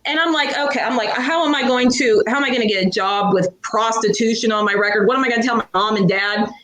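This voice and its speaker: Bright-voiced, high-pitched animated woman storyteller. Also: quick pace. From Pittsburgh, USA. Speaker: guest author. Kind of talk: casual storytelling. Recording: echoey room.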